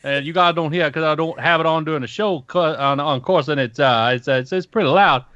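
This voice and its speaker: A man's voice: on the high side, fairly quick, a bit bright, no room sound, muffled recording. A man with a Southern US accent co-hosting a podcast, rambling and jokey with many fillers. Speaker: podcast co-host. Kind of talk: casual podcast chat.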